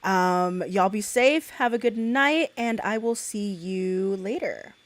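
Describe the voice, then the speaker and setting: A woman's voice: mid-range voice, lively intonation, slow, no room sound. Female streamer, casual reaction chat, blunt and profane, cackling laugh, dry mic. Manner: blunt, swears freely, breaks into cackling laughs. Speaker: livestreamer.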